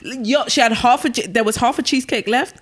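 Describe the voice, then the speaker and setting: A woman, co-hosting a podcast and telling lively stories in casual, slangy chat. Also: fairly high pitch, quick pace. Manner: animated storyteller with slang, many restarts. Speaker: podcast co-host.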